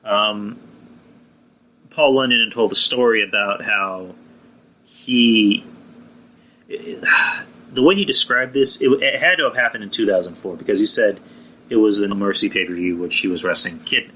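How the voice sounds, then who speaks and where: A man's voice: on the low side, measured pace, pauses often, bright, forceful tone, slight background noise, rough recording. A man hosting a live wrestling stream, rambling in a casual, profane way and answering viewers in the chat. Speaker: podcast host.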